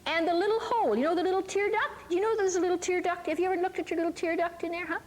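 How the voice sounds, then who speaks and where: Older woman, high voice, folksy sermon with asides, reverberant hall. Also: fairly even intonation, racing. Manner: chatty, folksy, with lots of asides and tag questions. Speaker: teacher of a Christian ministry. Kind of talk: sermon with storytelling. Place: hall before a live audience.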